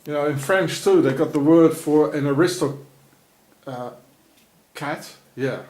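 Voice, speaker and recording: A man rambling in a sardonic monologue while feeding cats, often dropping into low muttered asides. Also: a little slow, darkish tone, slight background noise. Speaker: vlogger.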